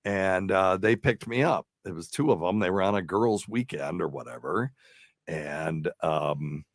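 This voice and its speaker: A man's voice: sits low, lively intonation, a little slow, no echo, studio quality. A man hosting a radio talk show, telling a long story in a rambling, casual way with lots of fillers and chuckles. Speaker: radio show host and doctor.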